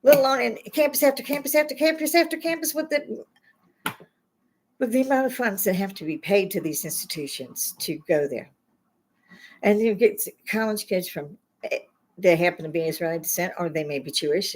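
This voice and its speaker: An older woman delivers a heated, scolding rant straight to her audience. Her voice sits at an ordinary mid pitch, but her words come out blunt and indignant, with the occasional short laugh breaking through the anger. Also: a little fast, poor audio. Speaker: YouTube commentator. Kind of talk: angry political rant.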